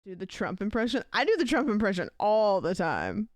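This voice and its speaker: A woman's voice: mid-range voice, sing-song, fairly quick, no room sound, clean studio sound. A young woman chatting casually on a live stream, giggling often and reacting aloud to clips.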